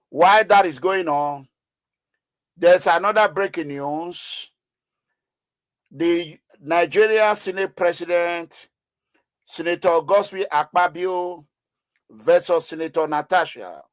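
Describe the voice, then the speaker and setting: A man's voice: a little high, no room sound. Impassioned male news commentator, dry close sound. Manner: impassioned, pleading, many fillers and repeats. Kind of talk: emotional video commentary.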